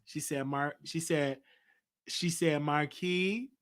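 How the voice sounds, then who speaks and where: His voice is mid-range, bright and forceful, at a moderate pace. Hosting his own live talk show in a Southern US accent, this man vents openly about family, with many restarts throughout the monologue.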